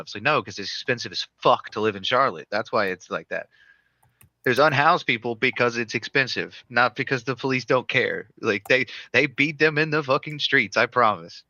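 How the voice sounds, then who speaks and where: A man's voice: medium pitch, normal speed, dry recording, muffled recording. Southern man with a stutter. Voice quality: stutters on some words. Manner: animated, swears freely. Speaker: co-host of live stream. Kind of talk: casual live-stream chat.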